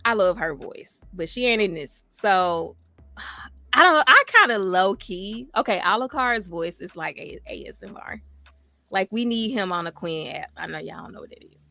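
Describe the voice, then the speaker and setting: A woman co-hosting a podcast in casual chat, gushing and animated, full of filler words. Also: medium pitch, moderate pace, creaky, dry recording. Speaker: podcast co-host.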